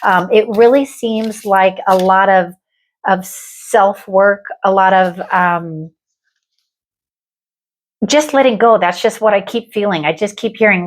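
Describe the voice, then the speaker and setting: A woman giving a spiritual tarot reading, speaking earnestly and gently and reading card descriptions aloud in a soft, measured way. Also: medium pitch.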